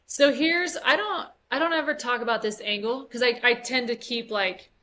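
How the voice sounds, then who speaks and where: In an interview conversation, a fitness coach in her forties tells a personal story candidly and emotionally, hesitating as she goes. Her voice sits a little high and sounds pushed and bright, at a moderate pace, with a faint hiss or hum in the background.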